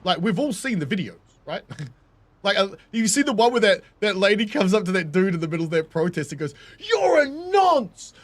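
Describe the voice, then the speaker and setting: Streaming a game, a New Zealand man chats casually with his viewers, laughing and swearing as he rants to chat. His voice is high-pitched and he talks fast.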